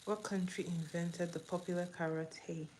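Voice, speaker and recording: A woman's voice: on the low side, a little mellow, slight background noise, low-quality recording. A woman hosting a casual livestream trivia game while doing her makeup, repeating each question and greeting viewers. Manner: slow, repeats questions, laughs easily. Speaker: livestream host.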